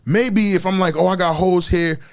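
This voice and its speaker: A man co-hosting a podcast in casual chat, joking and acting out quotes in an animated way. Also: high voice, brisk, clean tone, no room sound, clean studio sound. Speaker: podcast co-host.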